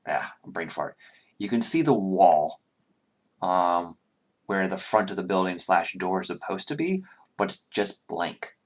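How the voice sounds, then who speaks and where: A man narrating as game master, rambling with many fillers and self-corrections. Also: sits low.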